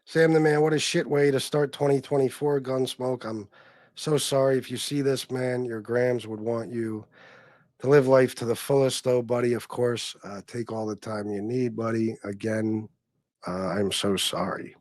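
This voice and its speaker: A middle-aged man from North Carolina, ranting angrily and swearing on his livestream, loud one moment and muttering the next. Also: fairly even intonation, moderate pace, dry recording. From North Carolina, USA. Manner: angry, sweary, swings between loud outbursts and low mutters. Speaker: livestream host. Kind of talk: profane ranting livestream talk.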